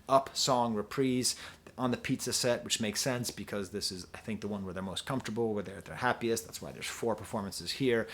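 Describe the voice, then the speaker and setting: A man casually reviewing a concert video song by song, rambling and often breaking off mid-sentence. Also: mid-range voice. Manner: rambling, digressive, self-interrupting. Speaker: music reviewer.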